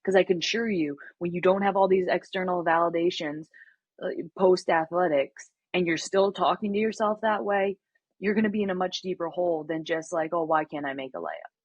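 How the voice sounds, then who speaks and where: Young woman guest, husky and dry, candid and earnest, dull lo-fi sound. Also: fairly low pitch, fairly even intonation, brisk, darkish tone, dry recording. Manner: earnest, reenacts conversations with many fillers. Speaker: podcast guest, former college basketball player. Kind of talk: candid interview talk.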